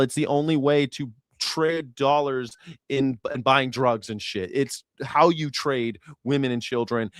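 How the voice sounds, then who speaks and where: A man hosting a live news reaction show, ranting in a loud, profane way and mimicking bells and shouting. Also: medium pitch, dry recording, clean studio sound.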